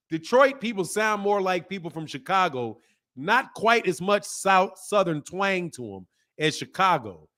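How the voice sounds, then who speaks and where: A man's voice: sits high, fairly bright tone. A man from the Midwest hosting a boxing live stream, chatting loosely and joking while he reads chat comments aloud. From American Midwest. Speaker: boxing channel host.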